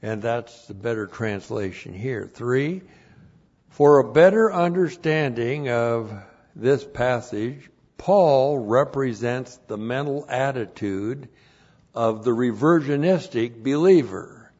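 A man teaching from the Bible at a very slow, deliberate pace, setting out numbered points one by one and saying each twice. His voice is of middle pitch, and the recording sounds dull and lo-fi. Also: a little mellow, husky.

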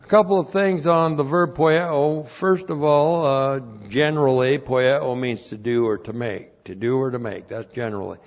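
A man's voice: medium pitch, steady tone, moderate pace, hardly any pauses. A man teaching the Bible verse by verse, working through numbered points and repeating each one twice. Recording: dull lo-fi recording.

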